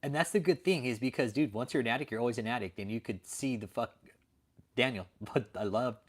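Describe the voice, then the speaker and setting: A man's voice: mid-range voice, fairly quick. A man hosting a late-night livestream, ranting profanely and answering viewers in chat. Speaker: livestream host.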